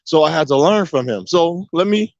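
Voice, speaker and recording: Male monologuist, slightly high voice, emphatic and repetitive, heavy on rhetorical questions; muffled lo-fi capture. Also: lively intonation, moderate pace, no room sound. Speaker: video commentator. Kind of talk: casual spoken monologue. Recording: dull, muffled dry recording.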